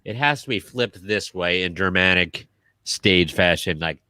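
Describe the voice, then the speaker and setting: This co-host has a deep, clear, resonant voice and talks a little slowly, with clean studio sound and no echo. Laughing often, he tells stories with animation during a casual podcast chat.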